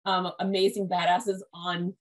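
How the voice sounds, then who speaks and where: A woman's voice: lowish voice, little pitch movement, a little slow. A woman hosting a podcast interview over a video call, chatty and rambling with many restarts. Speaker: podcast host. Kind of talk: casual interview chat.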